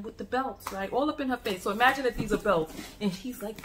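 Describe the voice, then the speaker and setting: An American woman talking to camera in a casual travel vlog, an animated storyteller who restarts and repeats words as she goes. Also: fairly high pitch, brisk, reverberant, background noise. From United States. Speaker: travel vlogger.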